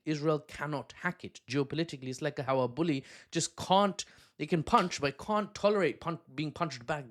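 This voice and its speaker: A young man giving casual political commentary, talking fast and wandering into joking asides. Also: medium pitch. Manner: quick, digressive, joking asides. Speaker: news commentator.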